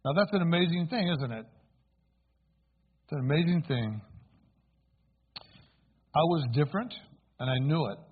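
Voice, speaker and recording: A man's voice: fairly high pitch, expressive, normal speed, pauses often, breathy edge. A man preaching his own conversion story as a sermon, telling it earnestly and asking the congregation for replies. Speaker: preacher giving testimony. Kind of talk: sermon testimony. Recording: tinny phone-like sound.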